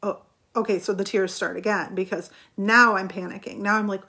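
Woman, middle-aged, vlogger, casual storytelling, animated and chatty, laughs as she talks. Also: mid-range voice, a little fast.

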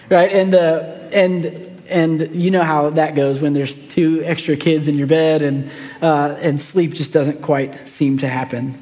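A pastor, preaching a sermon in a relaxed, conversational way, telling a family story with lots of fillers and restarts. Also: male voice, sits high, long reverb tail.

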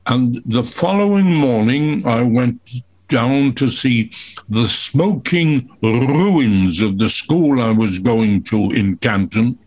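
An older man from Wales, a veteran entertainer, tells stories slowly with dry humor in a radio chat. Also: medium pitch, lively intonation, darkish tone. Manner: slow, measured storyteller with dry humor.

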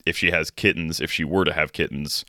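Man, podcast co-host, very low voice, dry close sound, laid-back and halting. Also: fairly even intonation, pushed and bright, dry recording. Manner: hesitant, filler-heavy, laid-back. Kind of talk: casual podcast chat. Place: home room.

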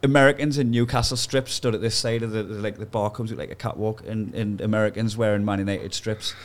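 Geordie comic on a podcast, swears a lot, acts out bits in silly voices. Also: male voice, fairly low pitch, fast talker, a little hiss or hum. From North East England. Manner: animated storytelling, swearing freely, acting out voices. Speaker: comedian guest. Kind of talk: casual podcast chat.

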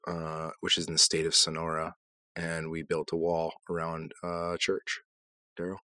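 A man co-hosting a podcast in relaxed casual chat, with dry humour. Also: a bass voice, moderate pace, no echo. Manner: relaxed, dry humour, calls his friend bro. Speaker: podcast co-host.

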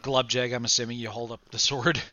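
A man narrating as game master of a tabletop game in a relaxed, laughing way, with a dull, lo-fi sound. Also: mid-range voice, brisk, no echo.

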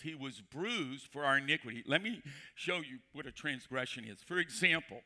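Male pastor, sermon, emphatic, slow repeated scripture, questions to the congregation, sharp tense tone. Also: on the high side, animated. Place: church before a congregation.

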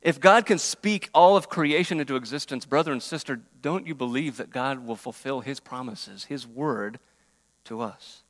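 A man preaching a sermon in earnest, at times dropping his voice very soft for quoted prayers. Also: mid-range voice, normal speed. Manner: earnest, varies loudness, drops to near-whispers on prayers. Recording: reverberant hall.

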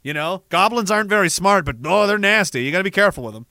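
A man's voice: high-pitched, expressive, fast, vocal fry, bright, forceful tone, no room sound, studio quality. A man, hosting a livestream and reading out viewer messages in a rambling, profane and sardonic way. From Canada. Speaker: livestream host.

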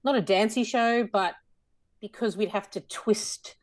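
A woman's voice: mid-range voice, measured pace, dry recording. An Australian woman in her fifties, a stage performer chatting animatedly as a podcast guest. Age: 50s. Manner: animated, chatty with frequent laughter. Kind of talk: casual podcast conversation.

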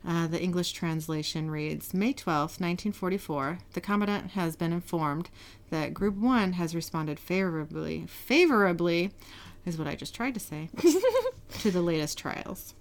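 A woman's voice: lowish voice, moderate pace. A woman on a casual podcast, retelling a TV episode scene by scene and reading the characters' lines aloud. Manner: reads character lines with brief voice shifts, laughs often. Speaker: podcast host narrating a TV episode.

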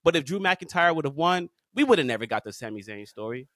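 A man's voice: on the high side, quick pace, dry recording, studio quality. A man co-hosting a casual podcast, ranting emphatically and repeating his points. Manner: emphatic, lively, rants with repetition. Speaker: podcast co-host.

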